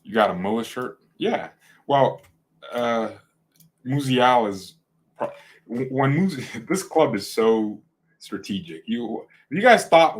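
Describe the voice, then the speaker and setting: A man's voice: mid-range voice, lively intonation, takes it slowly. A man hosting a fan channel in casual livestream chat, rambling, correcting himself and joking. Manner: rambling, self-correcting, jokey.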